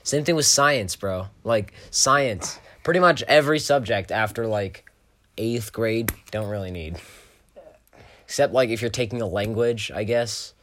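A man's voice: on the low side, measured pace, a bit bright. A young man co-hosting a casual podcast, rambling with lots of "like" and "bro" and laughing often. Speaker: podcast co-host. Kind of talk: casual chat.

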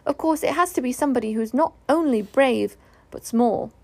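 A woman's voice: high-pitched, normal speed, dark tone. A woman voicing a sensible, decisive young boy in a storybook reading. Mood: leading.

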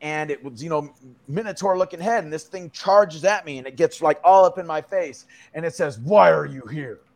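A man's voice: on the high side, fairly quick, a little mellow. A man as a podcast guest, telling a story in a loose, slangy way with many fillers and some swearing. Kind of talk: casual storytelling.

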